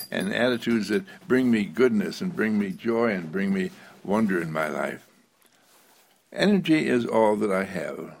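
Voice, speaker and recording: A man delivers an inspirational thought for the day, his voice carrying a gravelly rasp at a middling pitch. He leans on repetition and emphasis, now and then breaking into a chuckle. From United States. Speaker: self-help speaker. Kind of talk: inspirational monologue.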